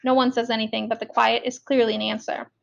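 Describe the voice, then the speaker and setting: A woman narrating an audiobook in the first person, in an even, measured storytelling manner. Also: fairly high pitch, gravelly, lo-fi sound.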